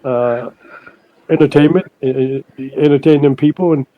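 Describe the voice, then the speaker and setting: An older man, a guest on an interview podcast, telling stories in a halting way that repeats words, and he puts on higher voices for the people he quotes. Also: steady tone, no echo, phone-quality sound. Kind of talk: casual storytelling interview.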